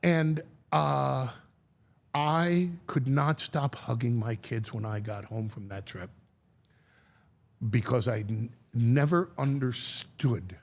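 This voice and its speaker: Middle-aged male interview guest, gravelly and husky, big storytelling swings, stutters and repeats for emphasis. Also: mid-range voice. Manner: animated, repeats words when moved, acts out quoted voices.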